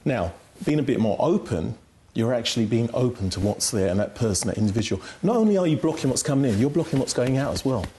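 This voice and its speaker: A man's voice: medium pitch, expressive, fast talker, dark tone. Emphatic man teaching communication skills. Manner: instructive, emphatic, frequent "right?" tag questions. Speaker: communication skills guest expert. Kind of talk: explaining on a TV talk show.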